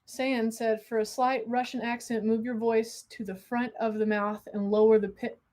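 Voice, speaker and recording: A young woman chatting excitedly while hosting a live stream. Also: a little high, normal speed. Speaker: livestream host. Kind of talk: casual livestream chat.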